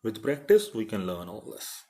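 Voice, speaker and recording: A man's voice: on the low side, very animated, normal speed, dark tone. A middle-aged man giving an online phonetics lecture as a college principal, carefully repeating word pairs to demonstrate sounds.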